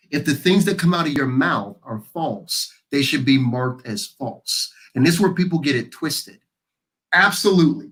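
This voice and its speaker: A man speaking as a guest on a live panel, making his case in a blunt, argumentative way. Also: mid-range voice. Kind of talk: casual panel discussion.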